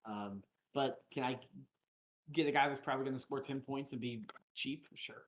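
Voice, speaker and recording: A man with an ordinary mid-pitched voice talks through his fantasy football picks in a relaxed live-stream chat. He rambles a bit, circling back with fillers and restarts. He sounds like he is at home, close to a desk mic. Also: moderate pace, a little hiss or hum. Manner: loose, filler-heavy analysis with frequent restarts.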